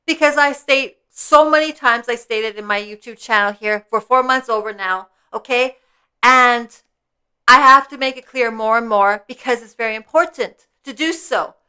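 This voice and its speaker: A woman's voice: a little high, normal speed, pushed and bright, smooth. A woman in her fifties talking earnestly in a casual spiritual vlog, repeating herself and checking in with "okay?" over and over. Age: 50s. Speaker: vlogger. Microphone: personal mic.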